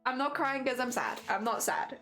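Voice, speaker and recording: A young woman with a fairly high voice talks on a charity livestream, earnest and teary, halting and restarting as she goes. Faint music plays underneath her. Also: animated, pushed and bright. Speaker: streamer. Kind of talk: casual charity livestream chat.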